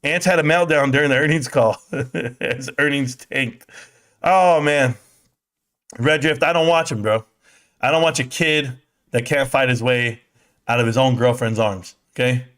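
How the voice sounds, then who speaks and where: A man's voice: mid-range voice, a little slow, fairly bright tone. A middle-aged man hosting a casual live stream, brash and joking as he trash-talks, out of breath.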